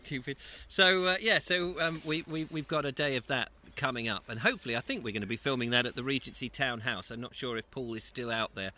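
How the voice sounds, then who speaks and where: Bright-voiced Englishman hosting outdoors. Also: mid-range voice, quick pace, hardly any pauses. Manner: chatty, reads out viewer comments between mouthfuls. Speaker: host. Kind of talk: casual live-stream chat. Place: outdoors at an allotment. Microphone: lapel mic.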